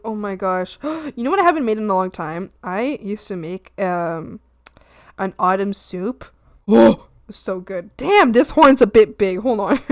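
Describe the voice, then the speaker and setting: A woman's voice: medium pitch, animated, measured pace, no room sound, clean studio sound. A young woman streamer chatting casually while she draws, bubbly and playful, laughing often.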